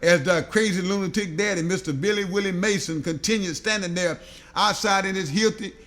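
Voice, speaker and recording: High bright-voiced man telling a rambling comic tale. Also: brisk. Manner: rambling run-on lists with stumbles and giggles. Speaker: storyteller. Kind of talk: comic audiobook narration.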